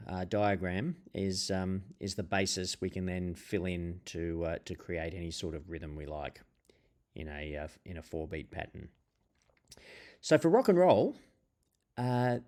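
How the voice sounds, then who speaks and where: A man teaching a ukulele strum pattern, speaking in a relaxed, hesitant way with many fillers and counting beats out loud. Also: on the low side. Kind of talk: instructional explanation with counting.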